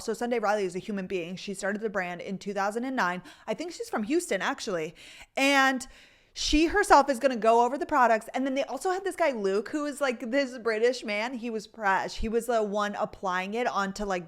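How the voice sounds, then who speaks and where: A woman's voice: a little high, a little fast. Chatty young woman podcast host. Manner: chatty, fillers like "like", animated storytelling. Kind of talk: casual chat.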